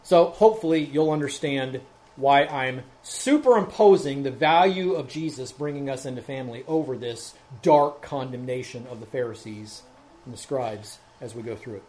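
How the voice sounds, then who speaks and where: A man's voice: medium pitch, normal speed, a little mellow. A man preaching an expository sermon as pastor, working methodically through a Bible passage verse by verse and growing more emphatic as he goes.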